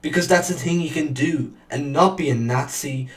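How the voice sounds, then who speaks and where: A man's voice: a little high, moderate pace, roomy sound, distant mic, low-quality recording. A man hosting a reaction video, ranting angrily with lots of swearing and filler words. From Ireland. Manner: angry, sweary, rambling with many fillers. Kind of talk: profane ranting commentary.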